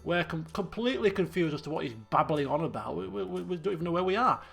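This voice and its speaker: Give me a chatty man doing live game commentary, gravelly and animated, over faint guitar. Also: on the high side, fast talker. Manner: chatty, self-mocking, frequent restarts and laughs. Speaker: streamer. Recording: faint guitar music behind.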